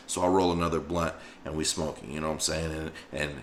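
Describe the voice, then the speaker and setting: A man's voice: low-pitched, fast, hardly any pauses, a little hiss or hum. A young man telling a profane, slang-filled story in a casual monologue. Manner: slangy, profane, animated retelling. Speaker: storyteller vlogger.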